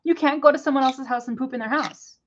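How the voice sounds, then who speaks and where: A woman's voice: sits high, fast talker, dull audio, a little hiss or hum. A young woman in her apartment scolding her pet bird over and over in simple, broken phrasing, exasperated and lecturing. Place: apartment indoors.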